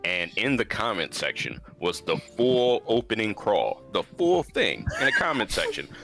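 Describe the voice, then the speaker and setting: A man's voice: fairly low pitch, sing-song, normal speed, gravelly, pushed and bright, soft background music. A man telling a casual story as a podcast guest. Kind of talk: casual livestream anecdote.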